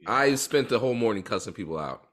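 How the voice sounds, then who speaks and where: Animated, indignant man venting. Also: on the low side, quick pace. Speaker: podcast co-host. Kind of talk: casual chat.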